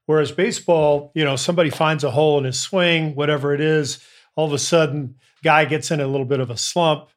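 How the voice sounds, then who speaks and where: A man with a slightly higher voice hosts an interview, musing at length before putting his question to the guest. His tone is conversational and reflective. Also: steady tone, fairly quick. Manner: reflective, builds a question out of a long observation.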